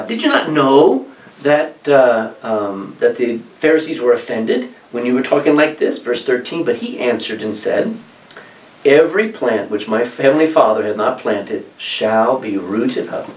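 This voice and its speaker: A man preaching a sermon, reading scripture aloud and explaining it with lively asides. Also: medium pitch, echoey room, distant mic, rough recording.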